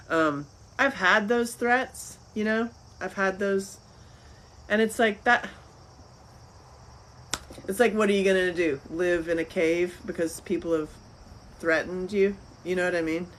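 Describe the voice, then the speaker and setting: A woman talking as an interview guest in casual chat. She is animated, laughs often and repeats phrases. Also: lowish voice, slight background noise, low-quality recording. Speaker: interview guest, filmmaker and author.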